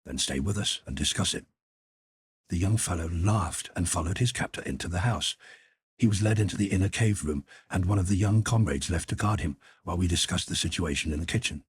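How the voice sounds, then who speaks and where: A man narrating a classic novel as an audiobook, reading in a measured, even way. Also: deep voice, breathy edge, no room sound, studio quality.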